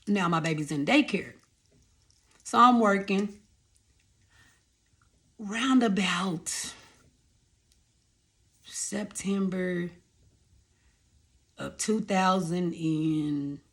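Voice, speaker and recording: A young woman, casually telling her life story to her viewers, animated and repeating phrases for emphasis. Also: on the low side, drawn-out words, pauses often.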